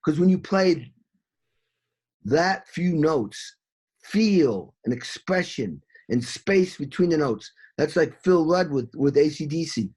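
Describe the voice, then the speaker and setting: An excitable middle-aged man with a husky, slightly raised voice tells studio war stories in a rush. He swears freely and sings out drum patterns as he goes. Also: a little high, slow pace. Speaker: session drummer, interview guest. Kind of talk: animated storytelling in an interview.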